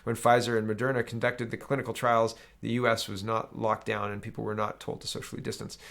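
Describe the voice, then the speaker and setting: A Canadian man hosts a casual political commentary show, his voice gravelly with a rough edge. He reads headlines aloud, then picks them apart in a sarcastic, rambling way. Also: lowish voice, little pitch movement, fast, a bit bright.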